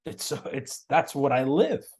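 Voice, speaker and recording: A man, a guest on an interview show, tells his stories in an animated way and often repeats words and restarts mid-sentence. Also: medium pitch, a little slow, husky. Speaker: guest, auto body shop owner. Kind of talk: storytelling in a podcast interview.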